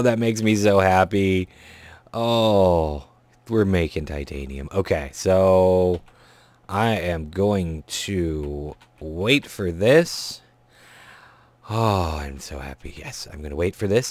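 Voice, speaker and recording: Deep-voiced man muttering through a game. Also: dry recording. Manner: mutters to himself, counts items under breath, excited outbursts. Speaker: Let's Play host. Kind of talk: casual gameplay commentary.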